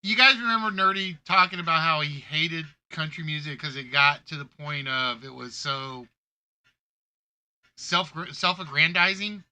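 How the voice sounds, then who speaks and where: Bright-voiced, chatty male game show host. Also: on the high side, measured pace, clean tone. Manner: chatty and playful, giving hints and joking with players. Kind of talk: casual live-stream game show hosting.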